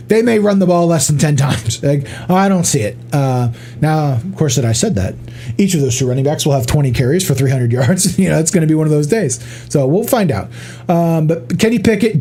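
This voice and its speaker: A man's voice: high-pitched, a little mellow. A man hosting a casual fantasy football and betting podcast, talking in a rambling, profane way and laughing often. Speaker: podcast host. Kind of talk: casual sports betting chat.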